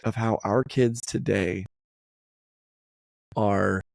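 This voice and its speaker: A man co-hosting a casual family podcast, talking animatedly and jumping up in pitch when he acts out other people's lines. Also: extremely slow, gravelly, no echo. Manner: animated, acts out quotes with big pitch jumps. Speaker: podcast co-host.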